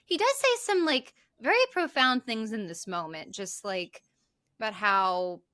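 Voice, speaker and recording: A woman co-hosting a podcast, recapping a movie in animated casual chat, swearing freely and using lots of "like". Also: mid-range voice, a little slow, no echo. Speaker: podcast co-host.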